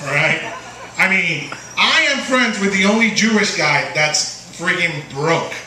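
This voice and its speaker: A man's voice: high voice, lively intonation, slow pace, bright, forceful tone, a little hiss or hum. A man with a Puerto Rican accent doing a stand-up comedy set in a small bar, playful and teasing the crowd. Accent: Puerto Rican Spanish. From Puerto Rico. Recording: distant, echoey bar recording. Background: crowd laughter.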